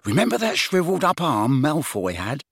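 A man's voice: a little high, big pitch swings, normal speed, slightly rough, no room sound, clean studio sound, voice pushed up, heavily acted. A man voicing a vague, disbelieving teenage boy who scoffs at a friend's idea. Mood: incredulous. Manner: incredulous, mocking.

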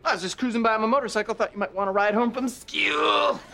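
Goofy excitable young dude, kinda high voice. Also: male voice, fast talker, vocal fry, background noise. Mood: excited. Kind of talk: sitcom acting.

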